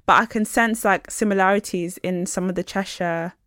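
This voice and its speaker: A woman's voice: medium pitch, fairly even intonation, moderate pace, fairly bright tone, dry recording, studio quality. A young woman, co-hosting a casual chat podcast, laughing often and reading news aloud. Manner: chatty, laughs a lot, reads news aloud. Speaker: podcast co-host.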